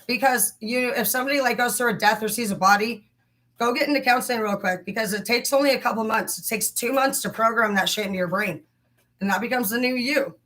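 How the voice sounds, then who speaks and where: Young female livestream host with a bright tone, rambling and cursing. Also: on the high side, fast, poor audio. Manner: profane, heated, rambling. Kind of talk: casual livestream rant.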